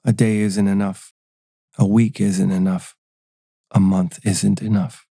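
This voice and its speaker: A man reading a calm, cryptic guide spirit. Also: on the low side, measured pace, vocal fry, dry recording, studio quality. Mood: gentle. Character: calm, patient mysterious female guide being. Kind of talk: audio drama reading.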